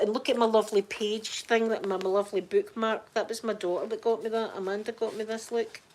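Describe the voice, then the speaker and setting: A woman's voice: mid-range voice, slight background noise. A middle-aged Scottish woman chatting casually on a live stream, greeting viewers in the chat by name. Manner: chatty, warm-hearted, reads out chat names.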